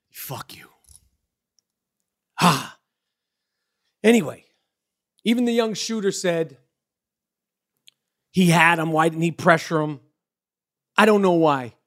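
A man's voice: high voice, fairly bright tone. A man hosting a podcast, delivering a blunt, profane, heated monologue. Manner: blunt, heated, heavy swearing. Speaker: podcast host.

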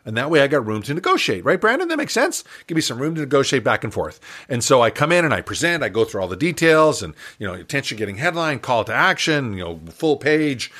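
An older man with a bright, forceful voice, recounting a business story as a podcast guest. He tells it with energy, putting on voices for the people in it and chuckling along the way. The pitch sits at a middling level for a man. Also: fast, few pauses. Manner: animated storyteller who acts out dialogue, chuckling. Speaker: guest entrepreneur and business coach.

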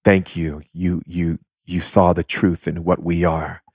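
Guy doing low hushed spirits saying thanks, slow, grateful. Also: level tone, breathy edge, no room sound, studio quality, heavily acted. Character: pair of freed spirits, grateful and calm.

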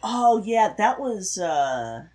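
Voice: medium pitch, sing-song, takes it slowly, a little mellow. A co-host in a casual chat who mostly listens and reacts with short agreements and chuckles.

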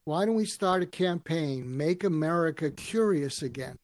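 A man telling stories in an interview, acting out quoted lines with lively voices. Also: on the high side, normal speed, no echo, studio quality. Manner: animated storyteller acting out quotes. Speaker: guest, author and speaker. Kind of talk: storytelling interview answers.

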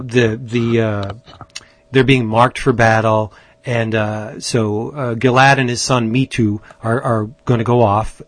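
A comic book podcast host chats casually and enthusiastically, rambling and often restarting his sentences. His voice sits at medium pitch with no echo.

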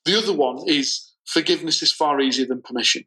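A man telling a story in casual conversation, slowing down to stress his points. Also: a little high, sharp tone, poor audio. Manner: storytelling, deliberate, slows for emphasis. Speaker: guest.

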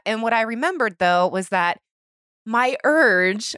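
Excitable woman podcast host. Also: fairly high pitch, no room sound, studio quality. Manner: animated, talks fast and openly, with swearing and laughter. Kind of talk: casual chat.

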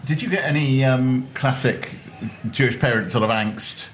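A man's voice: mid-range voice, moderate pace, a bit bright, a little hiss or hum. A man hosting an interview over lunch at a restaurant, asking brief prompting questions. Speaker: interviewer and host.

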